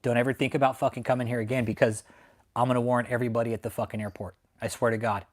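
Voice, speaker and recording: A man's voice: medium pitch, flat delivery, very fast. A man hosting a live stream, ranting in anger, swearing a lot and repeating his threats, from Texas. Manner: heated, profane, repetitive. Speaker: channel host. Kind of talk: angry livestream rant. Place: home in San Antonio.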